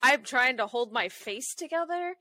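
A woman co-hosting a podcast in animated, self-mocking casual chat. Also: sits high, moderate pace, no room sound. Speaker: podcast co-host.

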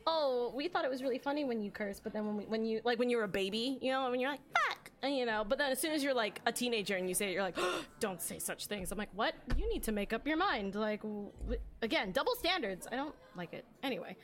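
A woman's voice: a little high, expressive, fast, few pauses. A woman hosting a podcast, chatting casually with guests, with lots of fillers and frequent laughter. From Philippines. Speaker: podcast host. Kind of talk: casual chat.

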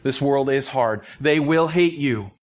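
A man preaching as a pastor, reading scripture and explaining it in an earnest, emphatic way, sometimes dropping to a hush or laughing softly. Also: medium pitch, a little slow. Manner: earnest, emphatic, with soft laughs and hushed phrases. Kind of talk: expository Bible teaching.

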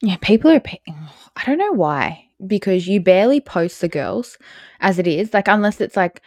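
A woman's voice: medium pitch, animated, moderate pace, darkish tone, no echo. A young woman co-hosting a podcast in casual chat, blunt and laughing often. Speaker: podcast co-host.

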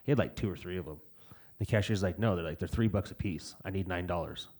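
A man's voice: deep voice, fast talker, a little mellow, slightly rough. A young man in casual podcast chat, cursing freely and rambling through stories. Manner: profane, rambling storyteller. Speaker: podcast co-host.

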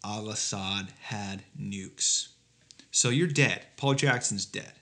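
A man's voice: fairly low pitch, slow, sharp tone. A man co-hosting a comedy podcast, riffing sarcastically with mock outrage and swearing. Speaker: podcast co-host. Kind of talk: comedic casual chat.

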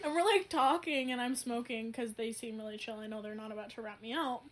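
A woman's voice: on the high side, steady tone, a little fast. A young woman co-hosting a podcast, chatting casually in a laid-back way, swearing freely and laughing often. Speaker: podcast co-host. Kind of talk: casual chat.

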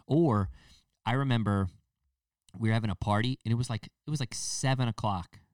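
A man's voice: mid-range voice, moderate pace, a little mellow, no echo, studio quality, distant mic. A man hosting a casual solo podcast, rambling with restarts and fillers and now and then mocking people in a put-on baby voice. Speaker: podcast host.

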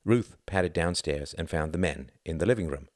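A man reading a novel aloud as narrator, in a measured storytelling manner. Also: sits low, darkish tone, no room sound, studio quality. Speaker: audiobook reader.

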